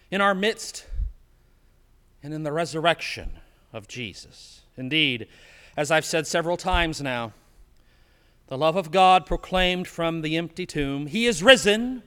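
A man preaching a sermon as pastor, slow and emphatic, dropping to a hush on key words, recorded in an empty church. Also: high voice, long reverb tail. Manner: slow, emphatic preaching with dramatic drops to quiet.

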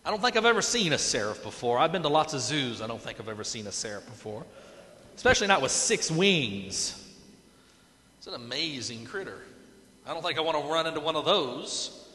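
A man's voice: a little high, sing-song, a little fast, bright, forceful tone. A man preaching a sermon, telling the story dramatically and tossing in playful asides. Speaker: pastor. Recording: echoey hall with long reverb.

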